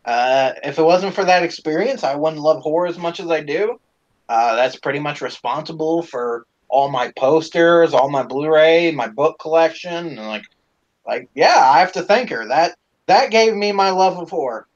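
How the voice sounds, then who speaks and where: A man hosts a live stream and tells stories to his fans in an animated, profane way, full of fillers. His voice sits fairly high for a man. The audio is slightly dull and lo-fi. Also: normal speed. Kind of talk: casual storytelling to fans.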